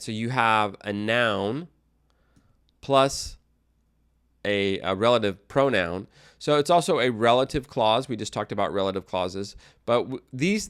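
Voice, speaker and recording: Smooth-voiced, low male English teacher. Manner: relaxed and explanatory, with fillers and restarts. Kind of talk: explaining grammar to learners.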